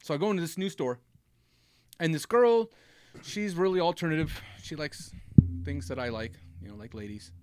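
Over a noisy background, a thirtysomething man with a voice on the high side talks at normal speed, pausing often. Telling a long funny story on a comedy podcast, he animatedly acts out what others said.

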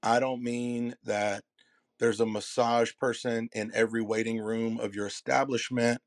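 A man speaking as a keynote speaker and messaging coach, delivering a motivational talk to a live audience in an emphatic, preacher-like cadence with dramatic pauses and repeated phrases. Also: mid-range voice, level tone, no echo.

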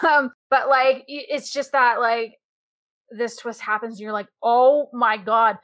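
Excitable woman host, bright voice, gushing about books. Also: fairly high pitch, unhurried. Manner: enthusiastic, animated, swears casually. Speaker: podcast host. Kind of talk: casual podcast chat.

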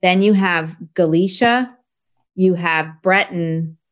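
A woman's voice: lowish voice, slow pace, muffled recording. A woman hosting an interview podcast, talking casually and praising her guest with enthusiasm. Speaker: podcast host.

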